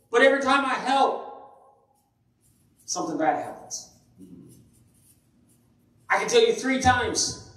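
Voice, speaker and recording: A man with a high-pitched voice preaches at normal speed with long pauses, acting out the voices of people in his stories. The sermon takes place in a church sanctuary and is captured from a distance amid heavy echo.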